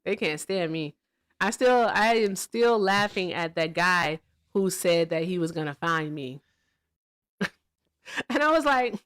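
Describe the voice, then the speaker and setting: A woman co-hosting a political livestream in casual chat. She laughs often, talks to her chat directly and mimics people in a much higher voice. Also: lively intonation, a little slow, a bit bright, clean tone, dry recording, studio quality. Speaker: livestream co-host.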